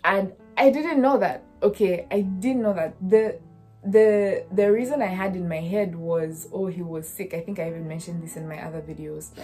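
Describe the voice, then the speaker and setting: A young woman in her twenties with a slightly low voice shares a personal story, earnest and direct, often pausing to check in with her listener. Soft music sits faintly behind her. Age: 20s. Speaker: student vlogger.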